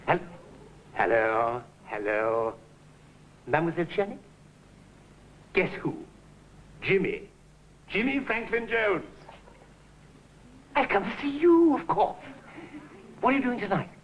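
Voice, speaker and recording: A jaunty cad. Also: male voice, high voice, animated, slow pace, pauses often, poor audio. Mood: breezy, scheming. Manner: clipped, jaunty, chummy patter. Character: caddish middle-aged English ladies' man, breezy schemer. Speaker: comic lead. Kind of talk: 1960s studio sitcom acting. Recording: hissy old TV soundtrack.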